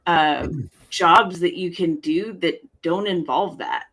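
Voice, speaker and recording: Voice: medium pitch, takes it slowly, fairly bright tone, low-quality recording. Ospite che spiega con serietà. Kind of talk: casual chat.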